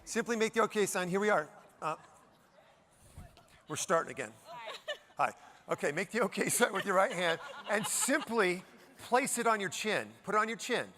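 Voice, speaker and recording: A man from Denver giving a high-energy keynote, playfully ordering the audience around with quick commands. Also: lively intonation, pushed and bright. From Denver, Colorado. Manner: upbeat, playful, bossing the crowd with quick commands. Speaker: keynote speaker. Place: conference hall stage.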